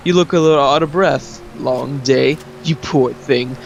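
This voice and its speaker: A young man doing a slow, mocking voice for a sinister male villain while retelling an anime scene. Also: mid-range voice, creaky, muffled recording, soft background music. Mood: taunting. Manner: slow, taunting.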